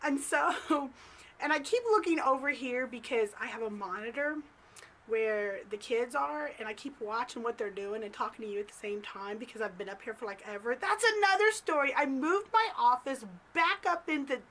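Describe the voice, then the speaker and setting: A woman's voice: on the high side, normal speed, fairly bright tone. A middle-aged woman telling a story in a chatty, giggly way with lots of fillers, recorded in her home office. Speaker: psychic medium vlogger. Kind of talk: casual storytelling vlog. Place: home office in a house turret.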